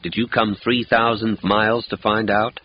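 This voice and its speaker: A man reading an audiobook voices a calm, stern, big-bodied male friend with an unhurried, dry, teasing manner. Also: on the low side, slight background noise, lightly acted. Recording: dull lo-fi audiobook recording.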